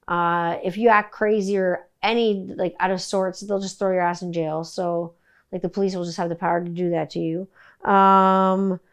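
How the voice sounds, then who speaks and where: A woman's voice: mid-range voice, smooth. A middle-aged woman from Canada hosting a casual solo podcast, telling stories bluntly with plenty of swearing. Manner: blunt, profane, animated storytelling. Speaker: podcast host.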